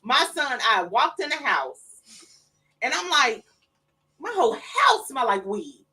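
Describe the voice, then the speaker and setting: Animated middle-aged Kentucky woman telling a story. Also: a little slow, recorded from a distance. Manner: animated, acts out quoted voices, soft and low for tender moments. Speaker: guest, mother of the late artist. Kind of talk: storytelling in a live studio interview. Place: studio.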